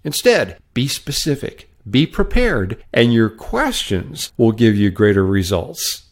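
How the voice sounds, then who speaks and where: A man's voice: mid-range voice, wildly swooping pitch, measured pace. A middle-aged man hosting a solo sales-training podcast, upbeat and coaching.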